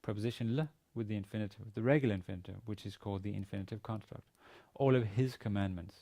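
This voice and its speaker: A man's voice: on the low side, fast, mellow. A man teaching a university Biblical Hebrew lesson, reading sentences aloud, translating them and explaining the grammar step by step. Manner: methodical, reads Hebrew then translates and explains. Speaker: university lecturer.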